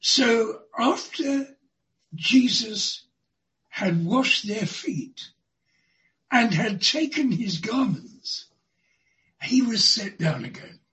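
Unhurried sermon voice that leans on key words, middle-range pitch. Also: animated, fairly bright tone, rough recording. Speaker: preacher.

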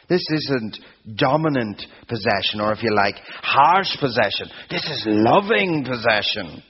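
Slow, husky-voiced male preacher. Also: mid-range voice, very animated. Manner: slow, emphatic preaching with swelling repeated phrases. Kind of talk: sermon. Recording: dull lo-fi sound.

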